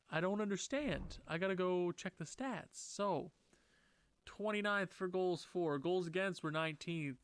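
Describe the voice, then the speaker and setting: A man's voice: measured pace, clear, resonant tone, dry recording. A man commentating his own video game franchise season, exasperated and talking to his players as he reshuffles lines. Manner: exasperated, talks to players, swings into high frustrated outbursts. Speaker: gaming YouTuber.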